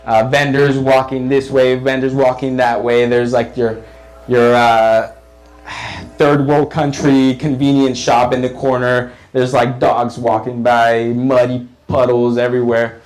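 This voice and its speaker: A man telling a comic story in an animated, profane way, often repeating lines for effect. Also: mid-range voice, unhurried, poor audio. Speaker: comedian. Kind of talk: stand-up storytelling.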